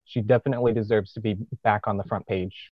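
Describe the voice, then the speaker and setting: A man's voice: lowish voice, steady tone, fast, no echo. A man gives earnest, enthusiastic opinions in a casual podcast chat. His voice comes through a dry, dull line with no room sound.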